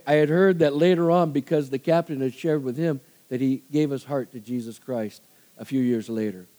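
A man's voice: fairly high pitch, a little mellow. A middle-aged male pastor preaching a sermon, telling a story in a chatty way, often laughing and acting out the people he quotes.

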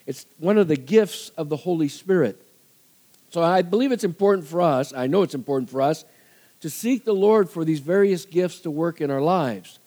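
A man's voice: high voice, darkish tone. A middle-aged male pastor preaching a sermon, telling a story in a chatty way, often laughing and acting out the people he quotes.

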